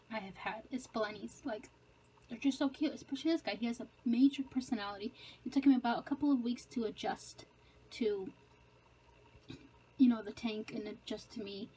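A young woman vlogging casually, rambling in a self-conscious way and often dropping to a hushed voice, filmed on a handheld phone out at a beach, in a car and at a gym. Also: fairly high pitch, husky, rough recording. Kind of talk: casual vlog chat.

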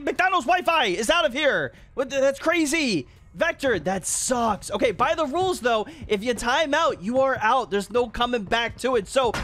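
A man hosting a game video, commentating his play and reacting with quick bursts of loud disbelief. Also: very high-pitched, slight background noise. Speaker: YouTube gaming host. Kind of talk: gameplay commentary.

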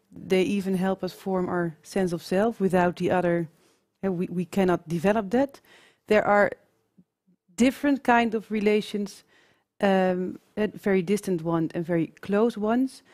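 Woman co-presenter, lowish voice, halting summary. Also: warm tone. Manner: hesitant, many ums. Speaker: co-presenter of a webinar. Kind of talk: webinar lesson summary.

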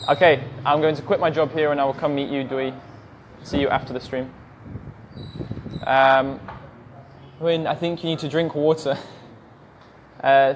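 A man's voice: on the high side, lo-fi sound, slight background noise. A young English man teaching English, reading viewers' questions aloud on a livestream and answering them in a friendly, plain way. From England.

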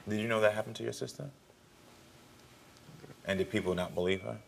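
A man hosting a daytime talk show, asking probing but gentle questions. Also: lowish voice, fairly even intonation, brisk, gravelly, slight background noise.

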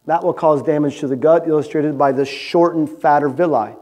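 Mellow-voiced man giving a lecture. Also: a little high, a little fast. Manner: conversational, asks "right?" often. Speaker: animal science researcher presenting. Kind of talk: conference lecture. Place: presentation room with audience.

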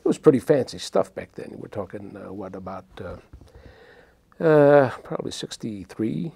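A man's voice: on the low side, expressive, moderate pace, vocal fry, mellow, breathy edge, no room sound. A man, a talk-show guest animatedly telling a childhood story and acting out the voices. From New York City. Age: 60s.

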